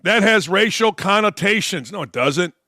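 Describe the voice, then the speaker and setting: A man's voice: high voice, animated, normal speed, sharp tone, no echo, studio quality. A man hosting a sports talk show, giving blunt, sarcastic and mocking opinion commentary.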